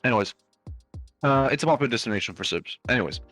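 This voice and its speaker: A man in the middle of a pitch range spins a long, rambling anecdote for a live stream, stumbling through fillers and restarts. He swears casually as he goes. Faint music plays softly in the background. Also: expressive, fast talker. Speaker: stream host.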